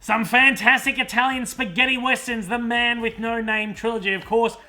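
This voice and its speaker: A man's voice: very high-pitched, fairly even intonation, normal speed, pushed and bright, soft background music. A young adult man with an Australian accent, chatting casually and enthusiastically as a vlogger showing off his collection. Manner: enthusiastic, gushing, self-deprecating. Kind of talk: casual chat.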